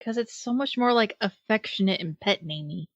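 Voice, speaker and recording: A woman from Central New York in casual podcast chat, dropping dry, deadpan quips. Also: mid-range voice, normal speed, dry recording, muffled recording.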